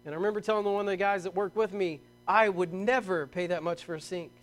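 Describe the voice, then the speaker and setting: Pastor, male, middle-aged, higher-pitched, lively sermon delivery with emphatic outbursts. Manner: animated storytelling, emphatic bursts, reads scripture slowly.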